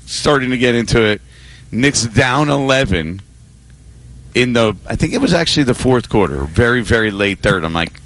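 A male sports radio co-host chatting about basketball and telling a family story in a relaxed, conversational way. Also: mid-range voice, normal speed, poor audio. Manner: conversational, storytelling, hedged opinions.

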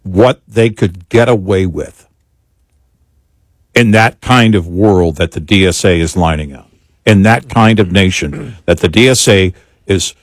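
A man co-hosting a political talk show, talking in an agreeable, steady way. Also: low voice, a little slow, dry recording.

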